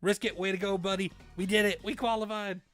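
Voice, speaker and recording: Bright, high-voiced excitable gaming streamer man. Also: a little fast, soft background music. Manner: excitable, cheers on teammates, repeats words when flustered. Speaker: streamer host. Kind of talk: live gameplay commentary and chat reading.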